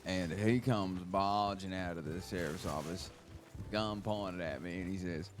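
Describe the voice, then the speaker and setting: A man's voice: deep voice, measured pace, music in the background. A man playing a western roleplay game, telling laid-back, rambling anecdotes and teasing his partner. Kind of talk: casual storytelling between players.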